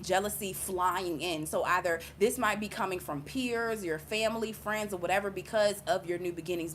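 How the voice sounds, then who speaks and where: A young adult woman giving an intuitive reading, telling a long story casually, full of fillers and animated exclaims. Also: medium pitch, a little hiss or hum. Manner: rambling, filler-heavy, chatty; animated, laughs and exclaims often. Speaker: intuitive reader.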